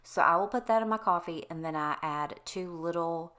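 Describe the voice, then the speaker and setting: A woman's voice: fairly low pitch, normal speed, fairly bright tone. A middle-aged woman chatting casually to her viewers in a voice-over, rambling candidly and drifting off on tangents. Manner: candid and conversational, addresses viewers directly. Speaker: home cleaning vlogger.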